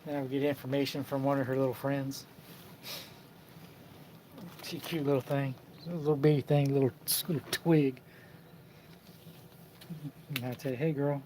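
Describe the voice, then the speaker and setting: A man hosting a casual live stream about card collecting, telling lively stories and mimicking the people in them. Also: mid-range voice, moderate pace, long pauses, slight background noise. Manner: animated storyteller who mimics voices and laughs.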